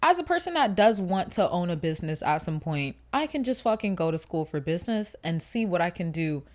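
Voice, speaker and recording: A woman's voice: fairly low pitch, sing-song, a little fast. A young woman in her early twenties talks casually to camera for her channel. She is chatty and full of slang, often drifting into asides before finding her way back. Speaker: YouTuber.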